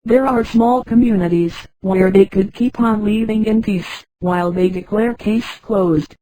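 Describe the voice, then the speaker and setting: A computer-voiced woman reading the lines of a cool, businesslike older male patron, in a flat delivery. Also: medium pitch, unhurried, dry recording, close to an everyday voice, poor audio.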